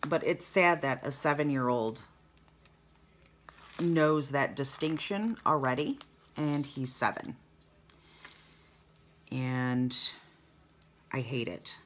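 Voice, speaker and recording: A woman's voice: rumbling low, slow pace, long pauses, a little hiss or hum. An older woman, a grandmother, chatting in a rambling, heartfelt way on her planner vlog while she decorates pages. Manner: rambling, heartfelt, trails off into asides. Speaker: planner vlogger.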